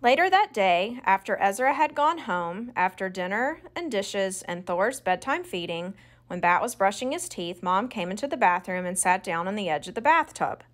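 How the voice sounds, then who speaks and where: A woman narrating a children's audiobook in a clear, expressive storytelling voice. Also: medium pitch, normal speed.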